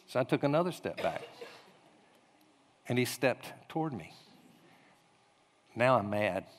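A male pastor giving a conversational sermon, telling a story and acting out the quotes. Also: medium pitch. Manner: storytelling with animated acted-out quotes. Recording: echoey hall reverb.

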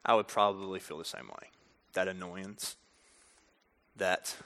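A man preaching a storytelling sermon, talking directly to the audience in an animated way. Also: low voice, a little slow. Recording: reverberant hall.

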